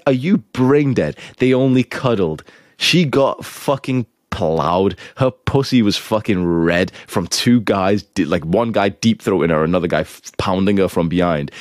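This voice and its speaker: A young man with a low voice lectures hard on dating, blunt and full of swearing. The sound is close and dry, with no room around it. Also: darkish tone, dry recording. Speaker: dating advice coach. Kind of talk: blunt advice monologue.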